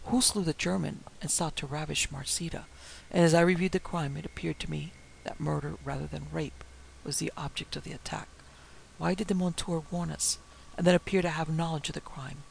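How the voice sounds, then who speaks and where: Gravelly male audiobook narrator. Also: a little high, a little hiss or hum, rough recording. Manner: dramatic, measured storytelling.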